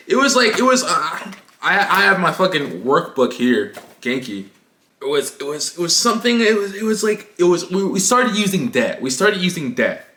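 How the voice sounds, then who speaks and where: A young man rants through a comic storytime, animated and profane, with exaggerated emphasis. His voice is high and bright and leaps around in pitch. The sound bounces around an echoey room. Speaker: YouTuber. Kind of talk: comedic storytime rant.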